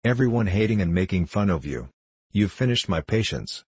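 A man's voice: deep voice, lively intonation, normal speed, darkish tone, breathy edge, exaggerated voice. A man voicing an exasperated wife who scolds her husband in an audiobook reading. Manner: reproachful, scolding.

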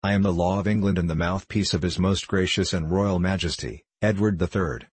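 A man's voice: low voice, fairly quick, darkish tone, breathy edge. A man reading the part of a stern, commanding medieval bailiff who talks in old-fashioned, blustering speech.

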